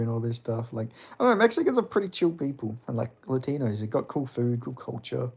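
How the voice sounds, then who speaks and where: A man's voice: medium pitch, sing-song, fast, gravelly, few pauses, husky. A young man chatting casually on a livestream, rambling and reading out comments, with lots of fillers and swearing. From Australia. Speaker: streamer.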